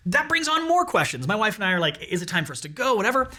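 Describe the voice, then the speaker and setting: A man's voice: high-pitched, big pitch swings, fast, few pauses, a bit bright. A man in his forties, a worship pastor hosting his podcast, telling his own story in a candid, rambling way with fillers and restarts. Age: 40s. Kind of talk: casual personal storytelling.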